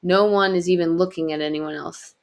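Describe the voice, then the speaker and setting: Woman reading a novel aloud, lowish voice. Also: fairly even intonation, a little fast. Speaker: audiobook reader.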